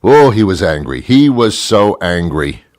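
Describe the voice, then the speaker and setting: A man's voice: low-pitched, very animated, unhurried, darkish tone, no echo, clean studio sound. A middle-aged man from New Jersey, hosting a show with a grumpy, sardonic, rambling comic monologue. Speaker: show host. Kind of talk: comedic monologue.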